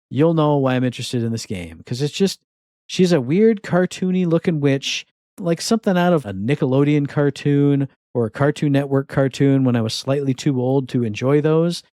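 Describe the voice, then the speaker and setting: A man's voice: a little high, dark tone, dry recording, clean studio sound. A man co-hosting a podcast, chatting wryly and presenting new game releases in a casual way. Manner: chatty, wry, self-deprecating. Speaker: podcast co-host.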